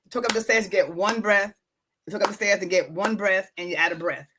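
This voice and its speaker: A woman's voice: medium pitch, fast, background noise. A woman podcast host and wellness coach talking casually and emphatically, often repeating her words and speaking straight to her listeners. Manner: repetitive, emphatic, addresses listeners directly. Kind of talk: casual motivational talk.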